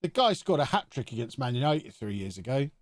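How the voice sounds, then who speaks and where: A man's voice: mid-range voice, sing-song, brisk, dry recording. A man, talking to himself in chatty commentary while streaming a video game live. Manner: chatty, thinking aloud to himself.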